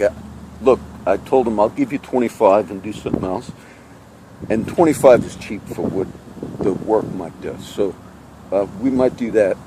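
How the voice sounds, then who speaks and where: A man vlogging in a rambling, chatty way, often losing his train of thought. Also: lowish voice. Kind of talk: rambling casual monologue. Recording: outdoor wind and traffic noise.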